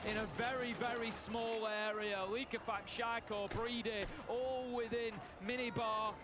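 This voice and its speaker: A man calls esports play-by-play with vivid, dramatic phrasing. His voice sits very high. Heavy, loud noise runs behind him through the stream audio. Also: little pitch movement, unhurried. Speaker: esports caster. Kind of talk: play-by-play commentary.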